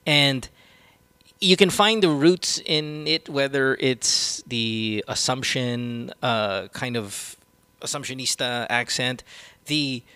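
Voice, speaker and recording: A man's voice: mid-range voice, slow pace, bright, forceful tone, smooth, dry recording. A man hosting a podcast, ranting casually with strong opinions and plenty of swearing. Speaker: podcast host.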